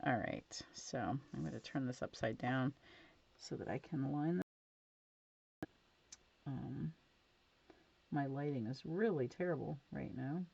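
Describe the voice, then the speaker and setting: Her bass voice is gravelly and a little mellow, moving slowly with frequent pauses over slight background noise. Teaching card stamping at her craft desk at home, she chats casually, gushes about the results, and uses lots of fillers; the recording is dull and lo-fi.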